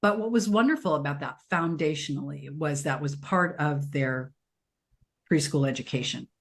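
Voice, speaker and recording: This is a middle-aged woman with a notably low-pitched voice, speaking in relaxed podcast conversation. She tells anecdotes with flair and slips into playful high voices when she quotes little children. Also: normal speed. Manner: animated storyteller acting out children's voices. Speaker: podcast co-host. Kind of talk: casual chat.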